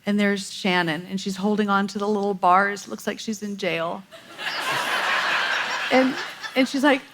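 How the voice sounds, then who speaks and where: A middle-aged woman telling a lively, laughing family story in a church message. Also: medium pitch, takes it slowly, heavy background noise. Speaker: pastor's wife sharing a story. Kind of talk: sermon storytelling. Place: church stage.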